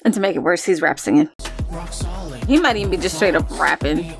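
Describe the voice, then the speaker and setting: A woman reacting to an album in casual commentary, excitable, swearing a lot and breaking into exclamations and laughter. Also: low voice, brisk, creaky, over music. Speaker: music reaction host. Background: song playing faintly.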